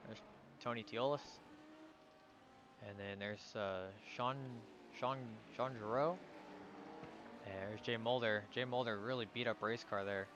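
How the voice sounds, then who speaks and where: A man's voice: on the low side, steady tone, unhurried, long pauses, muffled recording, noisy background. A man giving live commentary on an online sim race, calling out positions and sometimes stumbling over drivers' names.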